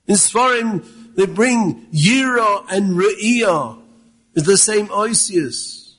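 Drawing out his words expressively, the man uses a high, slightly bright voice with a breathy edge. His Yiddish-laced Torah talk, in Yeshivish English, is full of rhetorical questions and Hebrew quotations, with his voice rising at times to underline a point.

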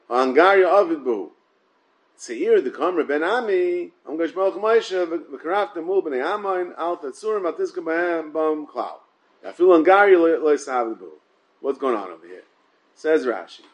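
Teaching Talmud in easygoing English, this Torah study teacher drops in Hebrew and Yiddish terms, repeats words, and checks in with rhetorical "yeah?" and "right?" His pitch is fairly high, and the audio is poor.

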